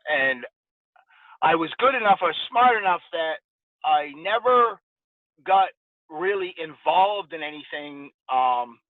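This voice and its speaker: A man in his forties, a podcast guest, casually telling lively stories and acting out the dialogue. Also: fairly high pitch, a little slow, dry recording. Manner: animated anecdote-telling with quoted dialogue. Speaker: podcast guest, former boxer. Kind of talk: casual storytelling interview. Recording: dry, tinny phone-like sound.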